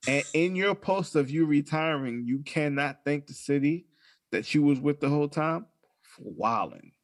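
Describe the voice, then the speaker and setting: His voice is fairly high, with lively intonation and a normal speed. As co-host of a casual podcast, the young man talks in a laid-back, profane way and laughs while telling stories.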